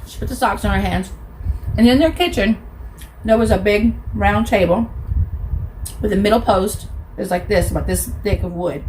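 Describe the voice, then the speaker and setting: A woman's voice: medium pitch, normal speed, long pauses, darkish tone, a little hiss or hum, poor audio. A woman hosting an eating show, telling a true crime story in a blunt, colloquial way and talking straight to her viewers. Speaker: mukbang host.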